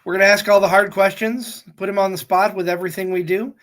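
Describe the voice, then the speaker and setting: A man's voice: high-pitched, steady tone, quick pace, a bit bright. A man hosting a wrestling podcast, introducing a guest in a loose, chatty way. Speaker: podcast host. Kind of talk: casual show introduction.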